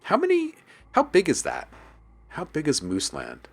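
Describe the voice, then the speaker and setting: A man's voice: a little high, wildly swooping pitch, normal speed, gravelly, husky. A man hosting a casual live stream about making music, joking with his chat, reading their messages aloud and laughing often. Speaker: livestream host and music producer.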